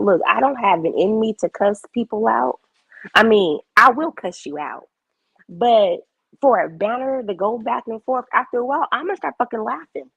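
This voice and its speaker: A young woman chatting casually on a livestream, blunt and animated, cursing freely. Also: a little high, normal speed, creaky, husky, dry recording, highs cut off.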